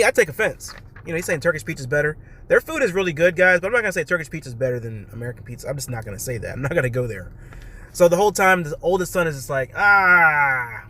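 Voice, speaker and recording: Guy on a podcast going over a reality episode, kinda higher voice, super loose and chatty, keeps saying guys. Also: a bit bright. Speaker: podcast host recapping a reality show. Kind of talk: casual recap.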